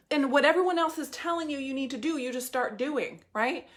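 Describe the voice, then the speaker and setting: A woman in her thirties runs a live training with a high voice and no filter. She swears freely and presses her points hard and fast, coaching with raw, punchy energy. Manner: blunt, profane, fast-talking, energetic. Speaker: business coach.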